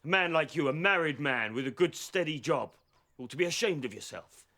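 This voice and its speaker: An actor playing an exasperated, sensible friend who scolds with impatience. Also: male voice, fairly high pitch, animated, a little fast, pushed and bright. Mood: scolding. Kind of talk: filmed comedy drama acting.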